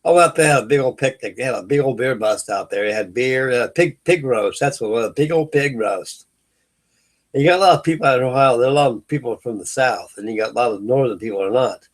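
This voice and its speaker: A late-night live stream is hosted by a middle-aged California man with a medium-pitched voice and a quick pace. He chats loosely, his rambling anecdotes riddled with fillers and restarts.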